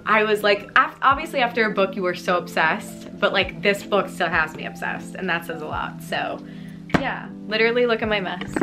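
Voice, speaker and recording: A young woman talks through her book picks in a loose, rambling vlog style, tripping over fillers and getting emotional easily. Her voice sits at an ordinary middle pitch for a woman. Clear background music plays underneath her the whole time. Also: expressive, normal speed. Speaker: book YouTuber. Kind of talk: casual chatty vlog.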